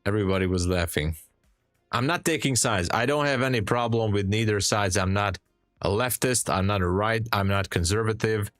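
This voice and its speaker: Man, trading livestream host, sleepy, rambling casual chat, lowish voice, faint music behind. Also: moderate pace, a bit bright, no echo, clean studio sound. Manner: rambling, loose and chatty. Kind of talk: casual live stream chat.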